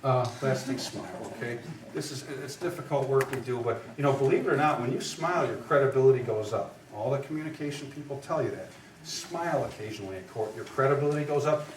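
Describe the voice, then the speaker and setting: Speaking quickly at a medium pitch, a trial advocacy instructor leads a live class for lawyers, emphatic and conversational with frequent "right?" and "okay?" check-ins. It's recorded at a distance in an echoing room with faint noise.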